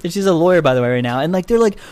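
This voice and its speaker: A young man, a guest filmmaker, telling a story in casual conversation, animated and laughing, acting out voices. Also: on the high side, racing, clear, resonant tone.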